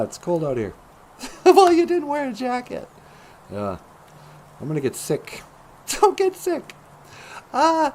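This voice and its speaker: A man putting on a chirpy falsetto woman. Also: exaggerated voice.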